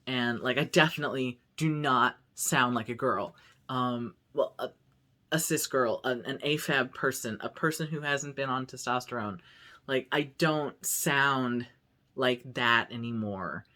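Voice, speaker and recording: A man's voice: mid-range voice, unhurried, pushed and bright. A man with an androgynous voice talking casually to his viewers in a rambling vlog, full of "like" and restarts. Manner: chatty, rambling, lots of "like". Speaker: vlogger.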